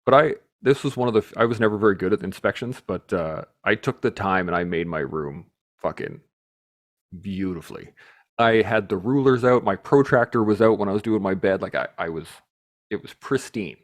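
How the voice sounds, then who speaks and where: A man hosting a podcast, telling stories in a casual, animated way, swearing freely and laughing as he talks. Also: lowish voice, brisk. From Canada. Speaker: podcast host. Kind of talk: casual storytelling chat.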